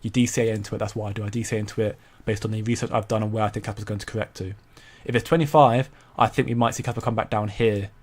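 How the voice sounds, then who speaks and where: A man's voice: fairly low pitch, steady tone, rapid-fire, hardly any pauses. A young man hosting a casual crypto commentary stream, rambling with many stumbles and repeated words while reading viewer comments. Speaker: crypto channel host.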